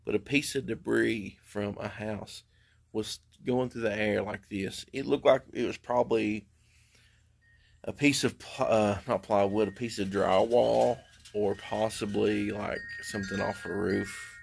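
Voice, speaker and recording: A man's voice: on the low side, steady tone, measured pace, vocal fry, husky. A middle-aged man chatting casually on a livestream, telling easygoing, rambling stories from his porch. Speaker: live streamer. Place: outdoor porch.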